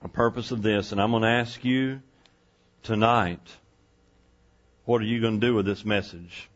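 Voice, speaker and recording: A man's voice: on the low side, steady tone, moderate pace, muffled recording. A male pastor preaching a sermon in a church, folksy and conversational, asking the congregation rhetorical questions. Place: church sanctuary.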